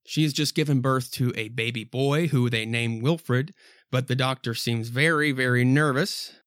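A man reads a horror comic aloud as a podcast host, drifting between narration and loose, rambling commentary. His pitch is ordinary, and the sound is dry and close. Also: moderate pace, fairly bright tone, no room sound. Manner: rambling, laughs at himself. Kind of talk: casual comic reading and commentary.

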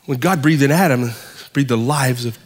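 A male pastor preaching a sermon, with dramatic pauses and swings from loud to hushed. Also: medium pitch, long reverb tail.

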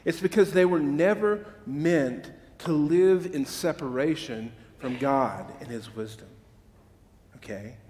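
A man's voice: a little high, slow pace, dark tone, a little hiss or hum. A man preaching a sermon, emphatic, repeating words and tossing asides to his listeners. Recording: long hall reverb.

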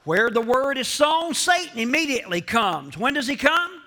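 A man preaching a sermon as pastor, slow and emphatic, repeating key phrases and speaking straight to the congregation. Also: very high-pitched, very animated, pushed and bright. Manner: addresses the congregation directly.

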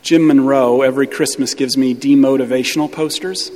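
A man's voice: medium pitch, steady tone, brisk, long reverb tail, a crowd in the background. A male pastor preaching a sermon with emphatic, hammering repetition.

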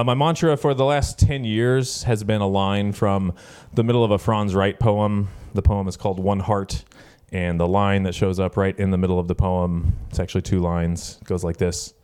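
Male pastor, lowish smooth voice, casual storytelling sermon, lots of ums. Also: darkish tone. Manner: conversational storytelling with frequent fillers. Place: church gathering.

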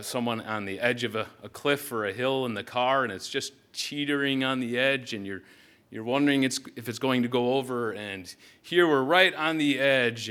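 A man's voice: medium pitch, fairly bright tone, smooth. A man preaching a sermon as pastor, earnest and reflective, often restarting his sentences.

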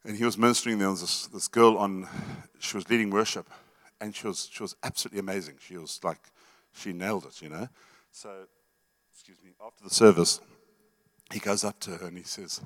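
A man's voice: deep voice, fairly even intonation, brisk, a bit bright. A middle-aged man, a pastor, preaching to a church meeting in an emphatic, conversational way, often repeating words and asking the room questions. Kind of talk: sermon teaching.

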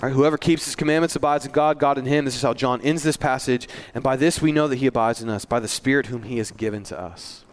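A man's voice: medium pitch, fast, few pauses. A male pastor giving a sermon in a church, earnest and conversational, with self-deprecating asides.

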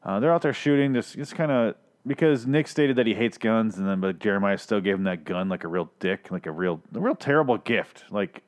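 A man's voice: fairly low pitch, expressive, brisk, hardly any pauses. A man hosting a casual TV review podcast, rambling, sarcastic and profane, often interrupting himself. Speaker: podcast host reviewing TV episodes.

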